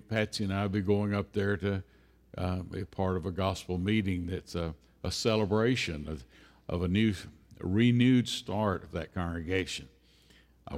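A lower-pitched man delivering a sermon from the pulpit. He speaks unhurriedly, circling back over his phrases with frequent "uh" pauses. His voice carries a long reverb off the walls of a church hall. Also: a little mellow. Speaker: preacher. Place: church sanctuary.

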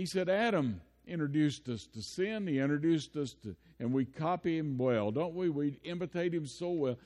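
A man's voice: fairly high pitch, animated, normal speed, few pauses, darkish tone. An older man preaching a sermon, telling folksy personal stories and building into impassioned preaching. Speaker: pastor. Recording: long hall reverb.

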